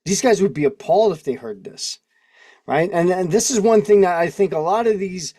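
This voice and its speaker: A man's voice: sits high, lively intonation, normal speed, dark tone, no echo, studio quality. A man in his forties hosting a casual livestream, rambling and laughing as he reads legal text aloud and comments. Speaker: host. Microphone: video call mic.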